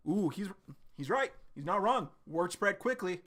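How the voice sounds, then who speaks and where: Man reacting live to a comic, excitable, swearing, filler-heavy, fairly high voice. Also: moderate pace, husky. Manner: excitable, profane, rambling with many fillers. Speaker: streamer.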